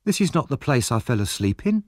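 A man's voice: mid-range voice, very animated, fairly quick, darkish tone, no room sound, clean studio sound, voice pushed up. A man doing a timid, frightened orphan boy. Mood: bewildered. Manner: anxious, timid questioning.

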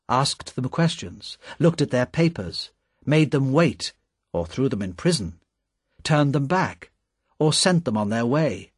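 Husky guy reading a storybook, calm measured pace, dry close sound. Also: medium pitch, no echo. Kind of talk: storybook narration.

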